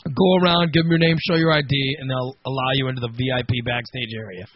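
A man hosting a casual radio chat, an animated storyteller who acts out quotes and gets loud. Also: medium pitch, fast talker, muffled recording, slight background noise.

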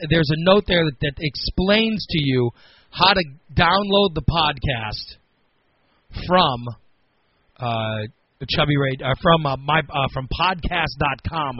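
A man's voice: on the high side, a little hiss or hum. A man in his forties with a Midwestern American accent, hosting a casual radio chat and rambling through his opinions. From Chicago, United States. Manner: rambling, opinionated, talks through thoughts aloud. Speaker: radio show host. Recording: dull lo-fi radio recording.

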